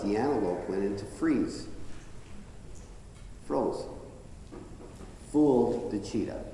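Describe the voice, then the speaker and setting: A man telling a personal story to a live audience as an animated storyteller whose voice jumps up when excited. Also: lowish voice. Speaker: speaker at a live event. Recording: echoey hall with faint noise.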